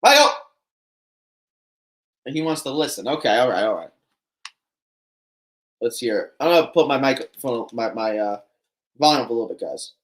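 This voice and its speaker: A man co-hosting a wrestling watch-along, commenting casually and breaking into loud excited exclamations. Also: mid-range voice, brisk, pauses often.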